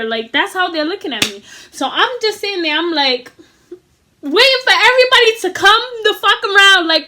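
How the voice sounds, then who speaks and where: A woman vlogger telling a story to camera in a casual, animated, profane and slangy way. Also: extremely high pitch, moderate pace, noisy background.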